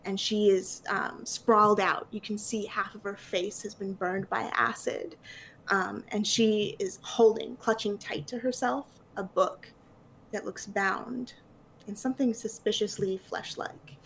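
A woman's voice: mid-range voice, steady tone, unhurried, creaky, a bit bright, slight background noise. A woman narrating as game master in a loose, casual way with many fillers.

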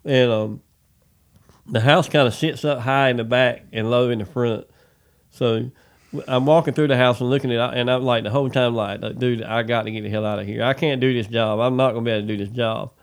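A man, telling a rambling work story in casual chat, animated and swearing freely. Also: mid-range voice, fairly quick. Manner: animated, swears freely, says "dude" a lot.

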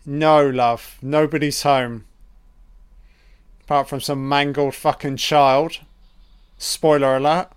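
A man giving a crude, profane, excitable running commentary on a film, calling the characters love and baby. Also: fairly high pitch, slow pace, pauses often, clear, resonant tone.

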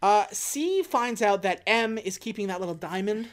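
A woman's voice: mid-range voice, expressive, normal speed. A woman co-hosting a casual movie recap, retelling scenes and acting out the characters' lines. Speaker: podcast co-host recapping a film.

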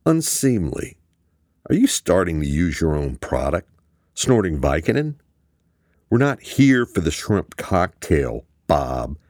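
A ruthless corporate boss, played by a man, cold and cutting with a sarcastic edge. The deep voice lifts higher and louder than the narration, pushing hard on key words, recorded dry and close. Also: sing-song, normal speed, no room sound, heavily acted. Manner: cutting and sarcastic, flaring into shouts.

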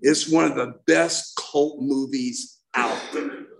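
A man's voice: medium pitch, steady tone, slow, creaky, poor audio. A man in his sixties giving a heartfelt, rambling personal share as main speaker at a recovery meeting, often restarting his sentences.

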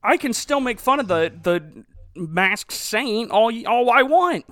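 A man's voice: very high voice, animated, a little slow, fairly bright tone, dry recording. A man co-hosting a podcast, reviewing a movie in a sarcastic, joking way. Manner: sarcastic, joking, often laughing. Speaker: podcast co-host. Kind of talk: casual movie-review chat.

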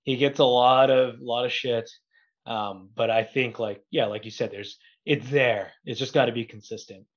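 A man who is a podcast guest, talking sports in a relaxed, joking way. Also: medium pitch, moderate pace, highs cut off. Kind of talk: casual sports chat.

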